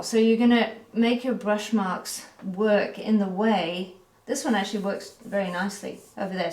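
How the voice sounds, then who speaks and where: Woman talking thru a painting critique, easygoing, middle pitch, bit of room echo. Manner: relaxed, chatty, self-correcting. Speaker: art teacher. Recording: echoey room.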